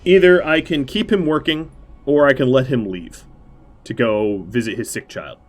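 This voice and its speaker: A man's voice: mid-range voice, normal speed, soft background music. A man streaming a strategy game on a headset mic, thinking aloud about his choices with dry, self-mocking jokes. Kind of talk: let's play commentary.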